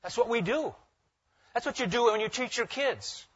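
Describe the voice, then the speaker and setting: Husky-voiced emphatic male pastor. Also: very high voice, animated, moderate pace, highs cut off. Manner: emphatic, repeats key phrases, drops to quiet intensity when quoting. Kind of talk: sermon.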